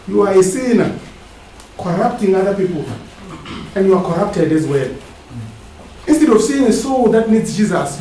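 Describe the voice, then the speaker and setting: A man with a very high voice preaches a sermon and keeps tagging his lines with quick questioning asides. He asks the listeners to complete his sentences. The sound is distant and echoes heavily around a church hall, with a faint hiss underneath. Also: a little mellow. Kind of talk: sermon with call-and-response.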